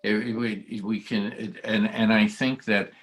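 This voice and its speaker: A man leading a text study group on a video call, halting and full of restarts. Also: on the low side, level tone.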